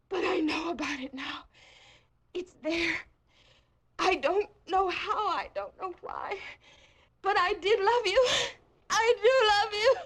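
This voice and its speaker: A weeping woman in a 1960s film, very high voice, slow broken phrases, full of guilt. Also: full character voice. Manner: sobbing, breaking confession. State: crying. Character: anguished woman confessing forbidden love, guilt-ridden. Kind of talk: 1960s film drama acting.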